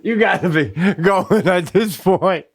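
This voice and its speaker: A man's voice: high-pitched, measured pace. A middle-aged man co-hosting a podcast, riffing in casual comic chat, incredulous and swearing. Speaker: podcast co-host.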